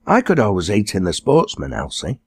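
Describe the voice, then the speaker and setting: A man's voice: fairly low pitch, huge pitch swings, brisk, husky, no room sound, clean studio sound, exaggerated voice. A man doing a humble old farmhand. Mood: eager. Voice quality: modest, dialect speech.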